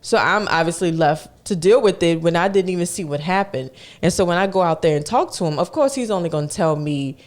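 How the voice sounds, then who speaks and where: A man's voice: high voice, fairly quick, few pauses. Young guy podcast host, chatty and colloquial, acts out everybody in his story. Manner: animated, acts out the people in his stories. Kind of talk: casual storytelling chat.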